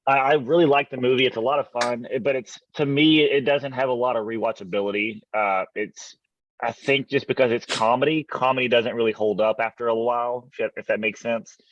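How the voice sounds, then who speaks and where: A man co-hosting a podcast, talking in a relaxed, easygoing casual chat. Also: medium pitch, fairly quick, no room sound, recorded from a distance. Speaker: podcast co-host. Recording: dull, dry sound from off-mic.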